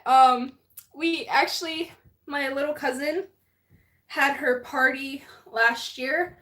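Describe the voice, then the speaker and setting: A woman's voice: high voice, slow, pushed and bright. A young woman hosting a live stream, chatting casually, laughing often and reading viewer comments, a bit out of breath.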